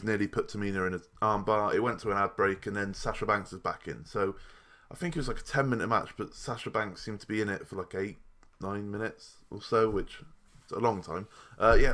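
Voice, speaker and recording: A man's voice: fairly low pitch, normal speed, fairly bright tone. A young man giving a casual, rambling review of a wrestling show. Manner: chatty and rambling, with restarts and asides.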